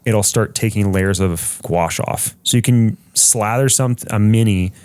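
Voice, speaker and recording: Male podcast co-host, low voice, dry mic, relaxed explainer who curses offhand. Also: a little slow, smooth, dry recording. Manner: chatty, explaining, swears casually. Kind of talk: casual chat.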